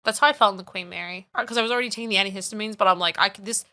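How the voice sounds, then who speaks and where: Female co-host, quick and bright, playful teaser, casual swearing. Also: medium pitch. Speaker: podcast co-host. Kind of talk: casual chat. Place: at a table with co-hosts.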